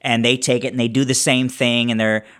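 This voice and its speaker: A man playing a tabletop role-playing game, narrating his character's actions in a halting way with many restarts. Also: medium pitch, little pitch movement, a bit bright, smooth. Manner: halting, many restarts while describing scenes. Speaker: player.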